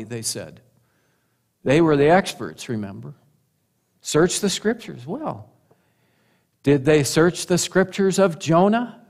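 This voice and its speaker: A man preaching a sermon, animated, asking rhetorical questions and chuckling at his own points. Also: fairly high pitch. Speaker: pastor.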